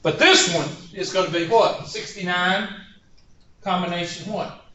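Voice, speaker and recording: A math instructor gives a classroom lecture in a high, fairly even, bright and pushed voice, speaking a little slowly. He keeps wandering into folksy jokes, asides and anecdotes. The recording sounds roomy and dull.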